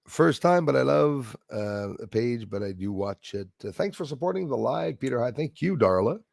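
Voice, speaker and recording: A man's voice: medium pitch, animated, normal speed, creaky, a little mellow, no room sound, clean studio sound. A man hosting a live stream, chatting casually, laughing easily and thanking viewers by name. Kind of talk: casual chat reading viewer comments.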